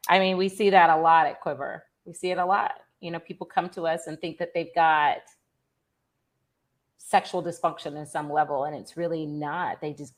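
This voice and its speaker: Low-voiced woman, affirming and chatty. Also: fairly even intonation, moderate pace. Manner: affirming, frequent agreeing interjections. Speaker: guest. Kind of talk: casual chat.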